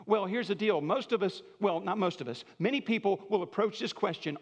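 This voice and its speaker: A man preaching a sermon as pastor, conversational and emphatic, moving between soft, quiet phrases and louder, raised ones. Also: high voice, animated, normal speed, hardly any pauses, long reverb tail, highs cut off.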